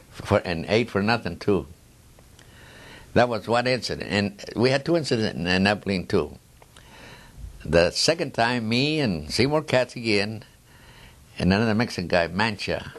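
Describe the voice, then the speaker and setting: A man in his nineties telling war stories in a rambling oral history, chuckling at his own tales and restarting his sentences. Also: fairly low pitch. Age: 90s. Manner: frequent restarts and trailing asides.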